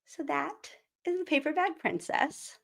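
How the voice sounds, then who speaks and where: A woman's voice: high-pitched, a little slow, creaky. A woman hosting a casual live stream, a former teacher, chatty and rambling with lots of fillers and giggles. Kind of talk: casual live-stream chat and read-aloud.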